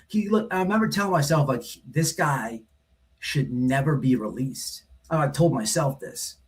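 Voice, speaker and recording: A man's voice: a little high, a bit bright. A man hosting a livestream, telling a story in a blunt, rambling way, full of profanity and repeated "right?". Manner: rambling, repeats himself, says "right?" often. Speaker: livestream host. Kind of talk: casual storytelling monologue.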